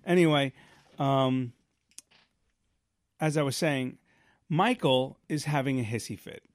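A man co-hosting a podcast, telling stories in casual chat, rambling and animated with lots of restarts. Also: mid-range voice, slow pace, no echo. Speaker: podcast co-host.

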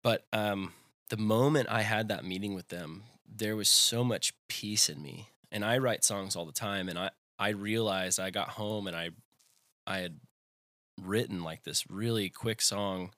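Bright-voiced young man telling a story. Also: lowish voice, a little slow, no room sound, studio quality. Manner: rambling, filler-heavy storytelling. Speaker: guest. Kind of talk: personal faith story in conversation.

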